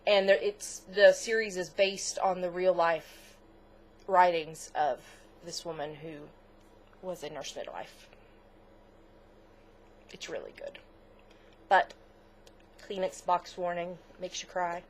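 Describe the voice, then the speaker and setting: A woman's voice: fairly low pitch, slow, pauses often, slight background noise. A middle-aged woman co-hosting a crafts podcast in casual chat, gushing, chatty and easily moved. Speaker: podcast co-host.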